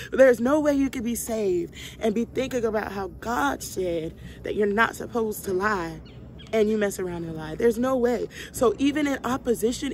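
This young woman vlogger guides a Bible study, calling her audience y'all and preaching casually. She's emphatic and heartfelt, repeating lines for stress. Her voice is on the high side with a darkish tone, against slight background noise.

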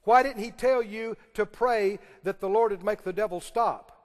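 A man's voice: high-pitched, normal speed, big-room sound. A man preaching a sermon, emphatic and firing questions at the congregation. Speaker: pastor.

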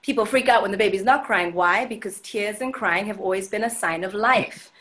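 A woman with a South African English accent speaks over a video call, earnest and emphatic as she reads her spoken-word poetry. Her voice sits at an ordinary middle pitch. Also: brisk, a bit bright. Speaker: guest poet. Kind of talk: reading her own poem on a webinar.

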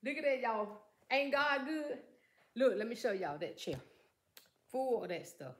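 A woman vlogger chatting excitedly about her shopping haul and calling out to her viewers as she goes. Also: medium pitch, normal speed. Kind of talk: casual haul vlog chat. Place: room at home. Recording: echoey room.

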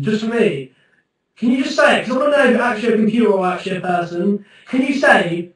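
A man's voice: very high voice, fast, fairly bright tone. A young man livestreaming, rambling and self-mocking with plenty of swearing. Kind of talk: casual livestream chat. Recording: very echoey room from far off, faint music.

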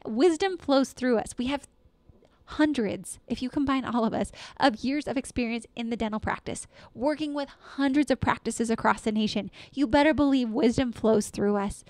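Woman, podcast host, energetic, emphatic, fairly high voice, dry close mic. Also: moderate pace, no room sound. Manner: energetic, emphatic, repeats affirmations. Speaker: podcast host and dental practice consultant. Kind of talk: solo motivational podcast talk.

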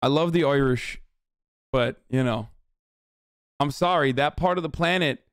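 A male streamer reacting on a live stream, speaking in a smooth, clear voice with no room sound at all. He rambles through fillers and swears freely as he comments. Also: on the high side, unhurried, no echo, studio quality. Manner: profane, animated, rambling with many fillers. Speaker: streamer reacting to a cooking show.

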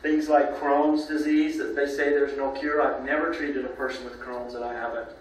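A man of ordinary pitch tells stories in a loose, conversational way, checking in with his listeners as he goes. He sits well back from the microphone. His voice rings around a very echoey room. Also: little pitch movement, moderate pace, far from the mic, slight background noise. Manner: rambling anecdotes, frequent "you know" and "okay?" tags. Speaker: nutrition company presenter. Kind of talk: casual storytelling talk.

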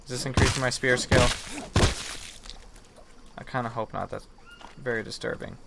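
A man's voice: medium pitch, fairly even intonation, moderate pace, gravelly, fairly bright tone, a little hiss or hum. A young man giving casual, self-mocking commentary as he plays a survival game. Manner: chatty, self-mocking, mock apologetic to game animals. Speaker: gaming video host.

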